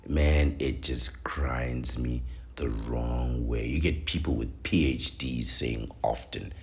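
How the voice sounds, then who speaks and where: A man's voice: rumbling low, steady tone, slow pace. A man hosting a show, reading an article aloud and breaking off into opinionated, preachy rants. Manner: preachy, rants with rising emphasis.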